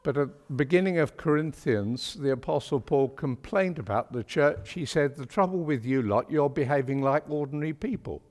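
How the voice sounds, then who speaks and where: Preacher in a reverberant church. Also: male voice, mid-range voice, lively intonation, moderate pace, few pauses, a little mellow. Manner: chatty, wry and emphatic, with homely British turns of phrase. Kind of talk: sermon. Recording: long hall reverb of a church.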